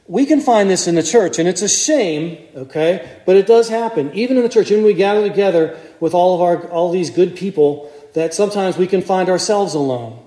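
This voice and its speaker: A male priest preaching a sermon, telling the story with lively acted-out voices. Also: high voice, roomy sound. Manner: animated storytelling, acts out crowd voices. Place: church.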